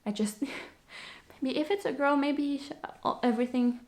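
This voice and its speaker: Her voice here is high and darkish, and she talks a little slowly. The podcast host is breathless and casual, rambling with frequent fillers and restarts.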